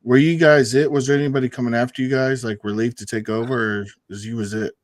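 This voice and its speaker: A man's voice: mid-range voice, fairly even intonation, fast talker, no room sound, clean studio sound. A man hosting a podcast interview, asking short questions and making brief reactive comments. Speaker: podcast host. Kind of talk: casual interview.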